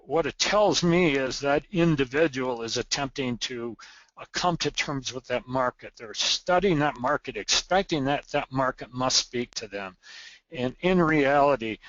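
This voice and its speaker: A man's voice: mid-range voice, measured pace, fairly bright tone, no room sound, dull audio. A man teaching market chart principles in a recorded lesson, earnest and emphatic, repeating the words he wants to stress, with small restarts. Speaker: trading educator.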